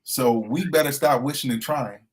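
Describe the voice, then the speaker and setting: A man's voice: mid-range voice, normal speed. A middle-aged man, a transformation coach, talking earnestly in an inspirational interview and repeating his key phrases like a preacher.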